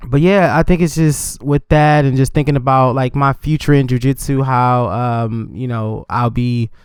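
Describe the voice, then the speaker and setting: Relaxed male podcast host, smooth voice. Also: mid-range voice, no echo, studio quality. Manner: relaxed, halting, with fillers. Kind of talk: casual conversation.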